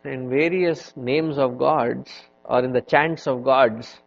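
A man giving a spiritual lecture on scripture, telling stories in an unhurried, conversational way with many "you know" fillers. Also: medium pitch, vocal fry. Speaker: swami teaching scripture. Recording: dull lo-fi recording.

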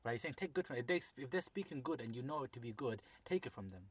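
A man's voice: mid-range voice, expressive, fast, slightly rough, no echo. A man in casual religious discussion, thinking aloud with restarts and explaining at length.

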